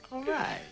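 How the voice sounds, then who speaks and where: A young actor playing a confident male college debate star who needles his new roommate. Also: a bit bright. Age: young adult. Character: cocky young male debate champion, teasing.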